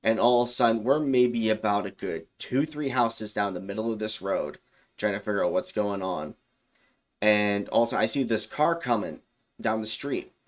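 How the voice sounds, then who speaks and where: A man's voice: fairly low pitch, moderate pace. A young man casually telling a personal story, loose and rambling, with fillers and self-corrections. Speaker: YouTube storyteller.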